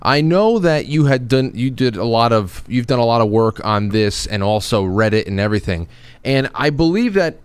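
A male show host in casual political talk, halting and questioning, often restarting his sentences. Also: mid-range voice, animated, smooth, no room sound.

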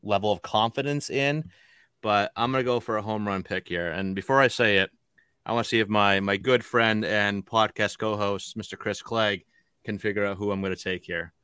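Here a man co-hosting a podcast rambles casually, with many fillers and restarts. His lowish voice is bright, forceful, and smooth, delivered at normal speed, and the studio-quality audio has no echo.

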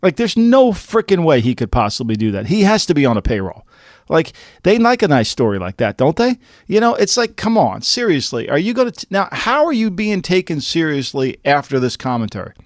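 A man co-hosting a sports podcast in casual talk, animated and rhetorical, firing off questions with laughing asides. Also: fairly high pitch, fairly quick, dry recording, studio quality. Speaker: podcast co-host.

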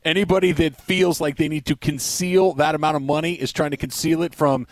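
Animated man in his forties, dry mic. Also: a little high, brisk, no echo. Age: 40s. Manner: animated storyteller, acts out menacing voices. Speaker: radio show co-host. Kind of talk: casual sports-radio banter.

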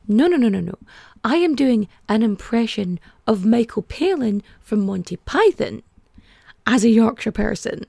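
A woman's voice: on the high side, animated, normal speed, vocal fry, mellow, no room sound. A young woman hosting a podcast, rambling and chatty, packing her talk with "like". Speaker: podcast host. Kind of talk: casual podcast chat.

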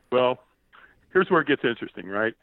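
A man telling an animated story as a podcast guest, often repeating words and acting out the shouts he quotes. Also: mid-range voice, moderate pace, creaky, dry recording. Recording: tinny phone-like line, dry.

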